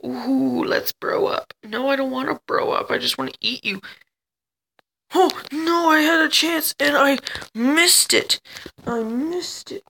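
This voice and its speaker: A man giving let's play commentary as a channel host, excitable, chattering at the other players and yelping when chased. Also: extremely high pitch, unhurried, vocal fry, slight background noise, low-quality recording.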